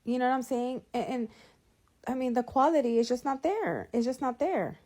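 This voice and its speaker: A mother telling an animated, profanity-filled story about her day, rambling with lots of fillers like "whatever" and "you know.". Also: high-pitched, moderate pace. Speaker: mother venting in a clip. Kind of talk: ranting storytime. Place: California.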